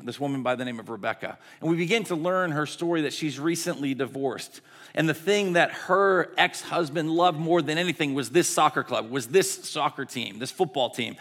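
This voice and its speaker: A man's voice: on the high side, fairly bright tone. Conversational man preaching in a reverberant hall. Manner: conversational, emotive storytelling with casual asides. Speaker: pastor. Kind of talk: sermon.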